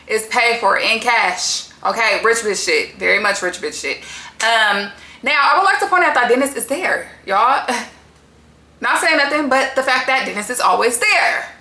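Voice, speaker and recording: A woman's voice: mid-range voice, pushed and bright, roomy sound. Blunt, profane woman recapping TV. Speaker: TV recap host. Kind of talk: casual reality-TV recap commentary.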